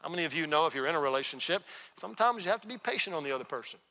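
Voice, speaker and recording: A male pastor with a bright, forceful, slightly high voice, preaching in a conversational way. He acts out little exchanges as he goes. The sound carries a long reverb, as in a large church hall. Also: expressive, rapid-fire, gravelly. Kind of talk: sermon. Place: church sanctuary.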